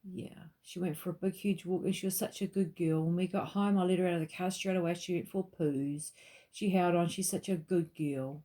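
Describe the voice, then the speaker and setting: A woman's voice: fairly low pitch, steady tone, brisk, warm tone. A middle-aged woman, chatting and rambling at home in a casual vlog, swearing now and then. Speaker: vlogger. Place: small home unit, kitchen.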